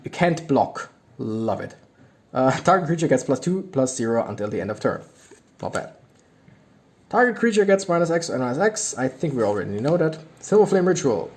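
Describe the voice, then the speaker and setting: Young adult man, fairly high and very animated voice, casual card-opening commentary with excitable outbursts. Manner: reads card text aloud, excitable reactions. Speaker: YouTuber opening card packs.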